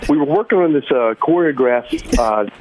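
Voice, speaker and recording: A man's voice: mid-range voice, animated, moderate pace, rough recording. A man from Alabama, a rock band guest, joking and restarting his words in a casual interview.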